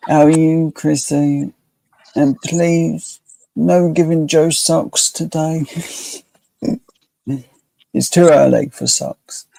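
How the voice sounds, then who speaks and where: A man drawls through casual stream chat, slow and unhurried, often trailing off. His voice is gravelly and dark, almost flat in pitch, and the sound is dry and close. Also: dry recording, low-quality recording. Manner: slow, laid-back, trailing off.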